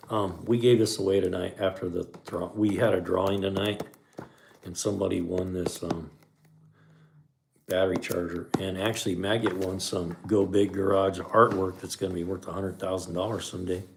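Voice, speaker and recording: Deep gravelly-voiced middle-aged man. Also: steady tone, moderate pace, a little hiss or hum. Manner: laid-back, peppers talk with "man". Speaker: podcast host reading live chat. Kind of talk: casual livestream chat.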